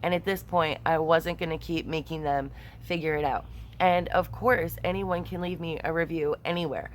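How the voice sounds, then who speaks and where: A woman's voice: low voice, fairly even intonation, normal speed, slight background noise. A woman tarot reader chatting casually and expressively to her viewers, with many fillers. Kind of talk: casual chat to camera.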